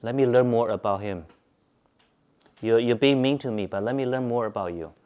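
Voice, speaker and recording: A man teaching Buddhism at a Zen centre, speaking calmly, repeating points and asking his listeners questions. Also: medium pitch, moderate pace, smooth. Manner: calm, repetitive, asks listeners questions. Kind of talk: Dharma talk to a group.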